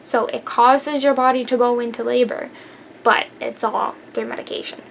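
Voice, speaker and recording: Animated young woman vlogger, slightly gravelly. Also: a little high, normal speed, slight background noise. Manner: animated, emphatic, laughs while telling. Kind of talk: casual storytelling.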